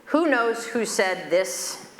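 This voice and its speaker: A woman's voice: a little high, slow pace, slight background noise. Woman lecturing in an echoey hall. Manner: conversational lecturing with animated, expressive storytelling. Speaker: physician giving a conference keynote. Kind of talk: conference keynote lecture. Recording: echoey hall with long reverb, faint ambience.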